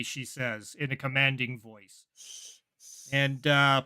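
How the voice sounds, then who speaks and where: Slow-talking, bright-voiced male game master. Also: medium pitch, little pitch movement, clear, resonant tone. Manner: halting narration full of uh fillers. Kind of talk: narrating a sci-fi tabletop game.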